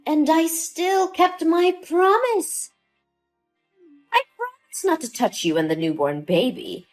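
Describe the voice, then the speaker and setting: A woman's voice: very high voice, very animated, takes it slowly, faint music behind, exaggerated voice. A woman voicing a scheming, cold-hearted older mother-in-law who talks with scorn and dismissiveness, in a dramatized story. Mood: contemptuous.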